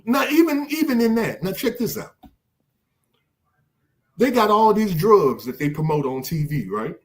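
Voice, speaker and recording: A man's voice: high-pitched, lively intonation, a little slow. An older man hosting a podcast, talking casually and with animation, often repeating words as he searches for a thought. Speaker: podcast host.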